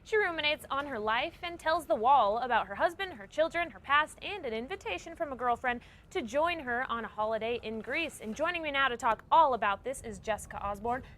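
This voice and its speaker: A woman's voice: sits high, lively intonation, brisk, hardly any pauses, fairly bright tone. A woman hosting a TV interview segment, upbeat and chiming in with frequent acknowledgments. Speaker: TV host.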